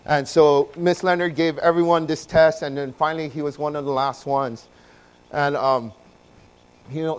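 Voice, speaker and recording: Pastor guy giving a sermon, kinda high voice, goes quiet then gets loud, keeps asking the crowd stuff. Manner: swings from soft and low to loud and emphatic, asks the congregation questions.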